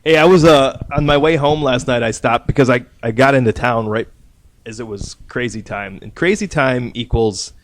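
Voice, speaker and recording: A man's voice: medium pitch, normal speed. A man hosting a casual podcast, telling a rambling, profane anecdote and laughing at his own story. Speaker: podcast host.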